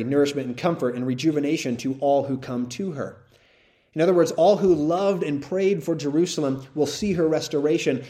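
A man's voice: mid-range voice, dark tone. A man teaching through a Bible passage to a live audience, talking conversationally and often checking in with "right?" and "all right?".

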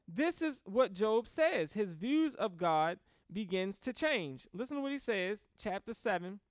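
A preacher giving a sermon in an animated way, acting out quotes in little voices and letting phrases fall away at the end. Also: medium pitch, unhurried, clean tone, no echo, studio quality. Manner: animated, acts out quotes in voices, laughs at own stories.

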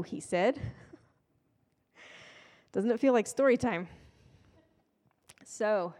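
A woman's voice: a little high, very slow, long pauses, a little mellow. A woman giving a casual, conversational sermon with playful, self-deprecating asides. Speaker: preacher. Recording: long hall reverb.

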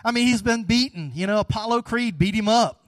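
A pastor preaching a relaxed, folksy sermon, chatting with the congregation before building to animated emphasis. His voice sits a little high for a man. The sound is dry, with little room echo. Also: fairly quick. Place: church sanctuary.

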